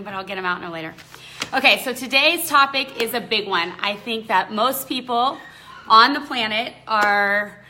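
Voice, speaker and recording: Bubbly woman livestream host, bright, somewhat high voice, earnest and encouraging. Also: a little hiss or hum. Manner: bubbly, effusive. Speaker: host of a live online session. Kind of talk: casual livestream talk.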